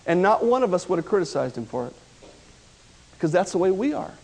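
A man preaching a sermon, retelling a story with dramatic swings between loud outbursts and quiet, hushed lines. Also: high voice, sing-song, fairly quick, creaky.

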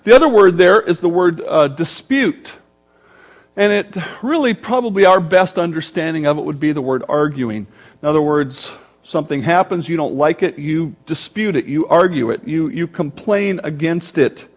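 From the pulpit, a pastor with a high, light voice preaches an expository sermon verse by verse, animated throughout. His volume and pace shift suddenly, swinging from urgent to drawn-out, and now and then he drops into a low, growling grumble to illustrate a word.

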